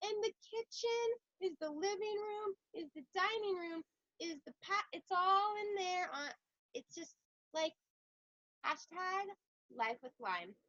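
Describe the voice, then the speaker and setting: A woman's voice: very high-pitched, animated, measured pace, sharp tone, dry recording, lo-fi sound. A woman hosting a casual chat over a video call, joking and rambling about her daily life. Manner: joking, rambling, self-mocking. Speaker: host.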